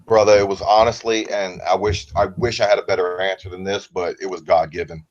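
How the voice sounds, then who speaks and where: A man with a baritone voice and a light Southern American accent, a guest talking in a relaxed, rambling way over a remote call. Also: a little fast, muffled recording. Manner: relaxed, rambling, comfortable speaker. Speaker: interview guest. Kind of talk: casual interview talk.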